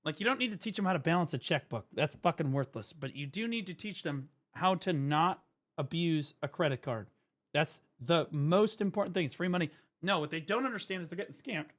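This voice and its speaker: A man, a former teacher, chatting casually on stream and telling stories, profane and animated. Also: fairly high pitch, brisk. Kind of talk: casual stream chat and storytelling.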